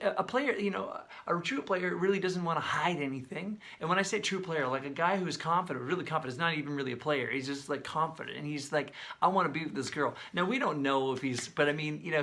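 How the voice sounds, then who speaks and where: A man breaking down a song's lyrics in casual, animated video commentary, sometimes singing and beatboxing snippets. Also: fairly high pitch. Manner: animated, talks with his hands, sings and beatboxes snippets; conversational, many fillers. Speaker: songwriter breaking down a song.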